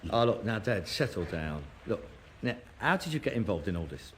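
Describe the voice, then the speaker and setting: A man's voice: sits high, big pitch swings, normal speed, a little hiss or hum. An actor playing a sardonic grown son who mocks his father, in a broadcast sitcom. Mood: sarcastic. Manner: sarcastic, mocking, scornful.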